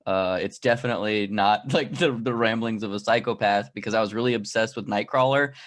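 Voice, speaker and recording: A man, a guest on an interview show, talking casually in a dry, deadpan way that he says sounds sarcastic. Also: fairly low pitch, a little fast. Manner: dry, self-described sarcastic-sounding delivery. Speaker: comic creator guest.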